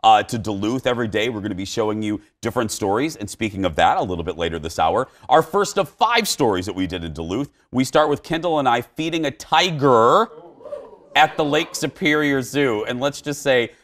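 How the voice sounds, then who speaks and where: A man in his forties hosting a studio talk show, animated, laughing often and stumbling over his words. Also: medium pitch, fairly quick. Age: 40s. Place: TV studio with live audience. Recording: studio with loud audience.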